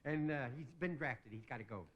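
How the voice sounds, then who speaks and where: A man's voice: medium pitch, fairly quick, lo-fi sound. A man hosting a comedy show, telling folksy joking army stories in a stand-up monologue and chuckling at his own lines. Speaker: comedian host. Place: TV studio stage before a live audience.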